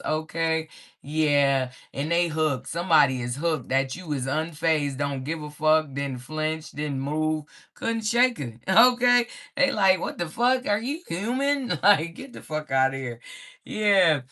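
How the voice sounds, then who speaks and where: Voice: medium pitch, bright, forceful tone. Blunt, profane live tarot reader. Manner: blunt and profane, laughs often, ends phrases with "okay?". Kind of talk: live-streamed tarot reading.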